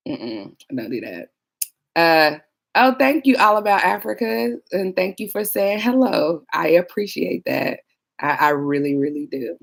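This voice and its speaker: A woman's voice: low-pitched, gravelly. A woman who worked as a police dispatcher, chatting casually to viewers about trainees and acting out coworkers. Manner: chatty, laughing, mimics people. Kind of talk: casual livestream chat.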